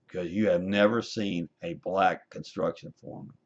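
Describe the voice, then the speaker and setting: A man's voice: sits low, fairly even intonation, normal speed, highs cut off. A man delivering a profane, combative, preachy rant to his webcam. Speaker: vlogger. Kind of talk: ranting webcam monologue.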